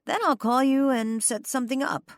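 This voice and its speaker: A woman's voice: high voice, fairly even intonation, moderate pace, dry recording, pitched above the performer's own voice, lightly acted. Narrator voicing a friendly polite guy, pleasant, storybook read, dry close sound. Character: polite friendly single dad neighbor.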